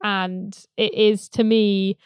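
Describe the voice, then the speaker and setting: A woman's voice: medium pitch, level tone, slow pace, clean tone, dry recording, dull audio. A woman co-hosting a podcast, chatting casually about a film, laughing often and mocking what the characters say. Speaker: podcast co-host. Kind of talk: casual film review chat.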